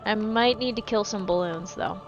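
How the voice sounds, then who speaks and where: A woman's voice: medium pitch, normal speed, highs cut off, music in the background. A woman chatting casually while gaming, rambling and swearing freely in a jokey put-on accent. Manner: jokey put-on East Coast-style accent. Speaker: gaming streamer.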